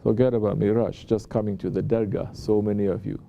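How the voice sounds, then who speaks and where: A man, a sheikh, giving an unhurried sermon and often checking in with his listeners with rhetorical questions. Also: lowish voice, flat delivery, gravelly, mellow, highs cut off, slight background noise. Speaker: sheikh giving a talk at a Sufi lodge.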